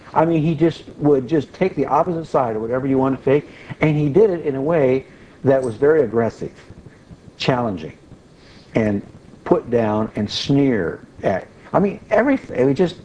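A man giving a Christian teaching, telling a personal story in a folksy, animated way with frequent restarts. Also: medium pitch, highs cut off, slight background noise. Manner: folksy, animated when retelling, restarts often. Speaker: Bible teacher.

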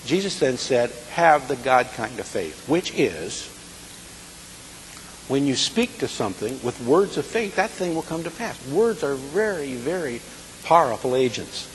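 A man's voice: mid-range voice, sing-song, a little slow. A man preaching a sermon, talking plainly and checking in with his listeners as he goes. His voice carries a long echo from the hall around him. A faint hiss sits under it. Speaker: Bible teacher.

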